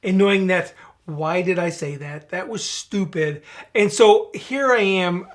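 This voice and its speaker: A man's voice: high voice, measured pace. Man, podcast co-host, earnest, direct, storytelling, casual chat.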